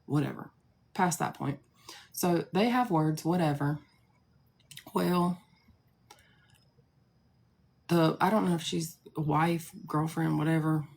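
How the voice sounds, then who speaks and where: A woman's voice: low-pitched, takes it slowly, vocal fry, long pauses, darkish tone. A woman in her thirties telling a long story casually to a live audience, rambling with many asides and fillers. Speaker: live streamer.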